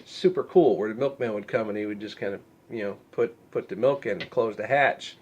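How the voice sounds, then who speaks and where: Male host, slightly low voice, blocked-nose sound from a cold, dry sarcastic asides, rambles and clears his throat often. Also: fairly quick, a little mellow. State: congested from a head cold. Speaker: news commentary host. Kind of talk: casual deadpan news commentary.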